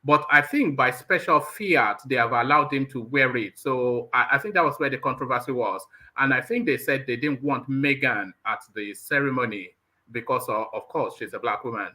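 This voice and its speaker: A man's voice: mid-range voice, moderate pace, pushed and bright. A man hosting a live talk stream, blunt and combative, stammering when worked up. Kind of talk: heated live discussion.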